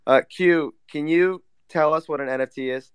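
A man's voice: on the high side, normal speed, smooth, no echo. A man hosting a casual online talk, laid-back and joking as he passes the mic to guests. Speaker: host. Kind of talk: casual chat.

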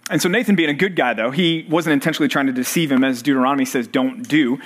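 Higher-voiced man preaching a sermon. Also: very fast, fairly bright tone. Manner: quizzes the audience with fill-in-the-blank questions. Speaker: pastor. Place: church service for college students.

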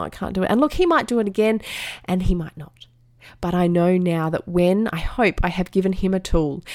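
Lively woman podcaster, low dry voice. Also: dry recording. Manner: animated, acts out dialogue in voices. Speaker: podcast host. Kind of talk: motivational storytelling.

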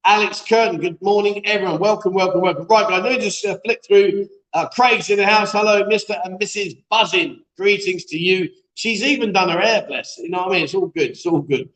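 Chatty host in an echoey room. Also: male voice, high voice, fairly quick, few pauses, a bit bright. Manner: chatty, jokey banter, reads viewer comments aloud. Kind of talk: live-stream chat show. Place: echoey room being set up as a studio.

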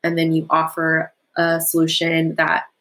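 A woman speaking as a podcast guest, explaining in a relaxed, conversational way with frequent filler words. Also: deep voice, a little slow, poor audio.

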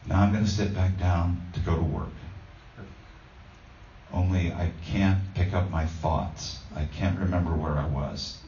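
A man's voice: low voice, fairly even intonation, measured pace, mellow, slight background noise. A man preaching a conversational sermon, telling a homey story with many ums and restarts. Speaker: pastor. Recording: roomy distant dull sound.

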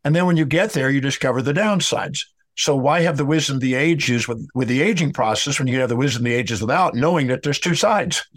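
A man's voice: mid-range voice, a little fast, few pauses, no room sound. A man telling a story in an interview, lecturing emphatically and acting out both sides of a dialogue. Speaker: speaker on emotional healing.

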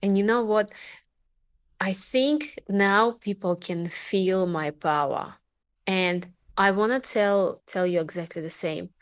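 Russian-accented woman hosting a podcast, talks real slow, lots of uhs and ums. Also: medium pitch, smooth. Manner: slow, halting, many fillers. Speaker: podcast host. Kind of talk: casual interview chat.

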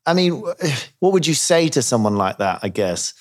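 A man's voice: mid-range voice, very animated, normal speed. A man hosting a casual chat. He swears freely and pushes back hard, asking pointed questions in a plain, everyday voice. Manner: blunt, sweary, challenging.

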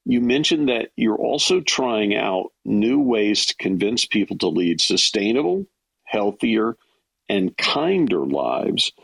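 A man hosting an interview, asking measured prepared questions. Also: on the low side, sing-song, vocal fry, a bit bright, slightly rough, dry recording, low-quality recording. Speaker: interview host.

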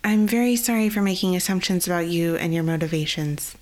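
A woman's voice: on the low side, fairly quick, darkish tone, close to an everyday voice. A woman voicing a courteous, earnest young noblewoman heroine.

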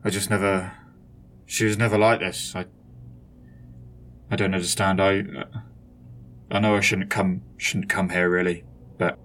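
A man voicing a middle-aged grieving father who stammers and speaks in a subdued, halting way. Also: sits low, little pitch movement, a bit bright, slight background noise. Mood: sad.

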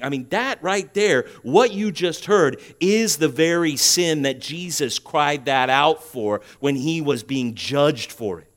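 A man preaching a sermon, his voice swelling loud and high at emphatic points and then dropping to a quiet, urging tone. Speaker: pastor.

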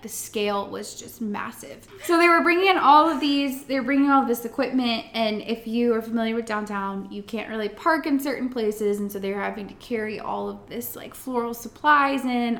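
A woman co-hosting a podcast, telling a long story in an animated casual way, full of "like" fillers. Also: on the high side, moderate pace, hardly any pauses, reverberant. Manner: animated storyteller, acts out quotes, many "like" fillers. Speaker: podcast co-host, event florist.

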